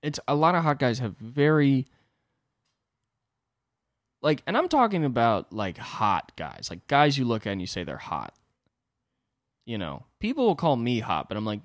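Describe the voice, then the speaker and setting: A young man hosts his own podcast, telling a comedic story full of profane, rambling asides. His voice sits fairly low but swings widely in pitch. The sound is close and dry. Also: sing-song, moderate pace, no echo. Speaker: podcast host.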